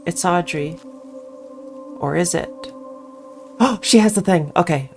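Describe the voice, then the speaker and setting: A woman's voice: on the low side, unhurried, darkish tone, soft background music. A woman reading a visual novel aloud, narrating the text and casually reacting as she thinks through her choices. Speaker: game player and reader.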